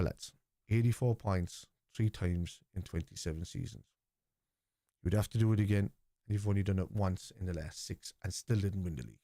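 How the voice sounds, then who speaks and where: Male streamer host, low dark voice, dry sound, blunt sweary football banter. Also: no room sound. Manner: blunt and opinionated, sweary, repeats points. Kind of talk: casual live commentary and chat.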